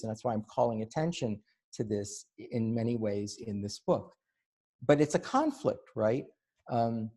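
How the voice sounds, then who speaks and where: A middle-aged man giving an animated book talk, emphatic and sarcastic, often laughing between points. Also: fairly low pitch.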